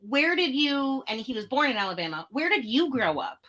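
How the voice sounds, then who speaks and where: A woman's voice: sits high, big pitch swings, fairly quick, a loud crowd. A woman panelist on a video call in casual chat, rambling playfully and searching for words.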